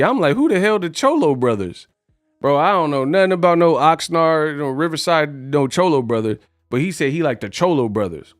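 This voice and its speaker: A man's voice: fairly high pitch, dry recording. A young man hosting a casual boxing news vlog, talking in brash, slangy trash talk. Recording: dry voice with faint music.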